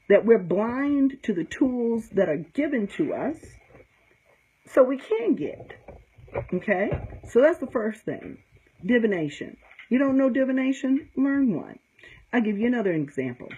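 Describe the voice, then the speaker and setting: A woman's voice: lowish voice, a little mellow, breathy edge, lo-fi sound. A middle-aged woman from the United States, a conjure practitioner, giving blunt, profane, straight-talking advice in a casual teaching talk, often checking in with "okay?". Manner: emphatic storytelling with frequent "okay?".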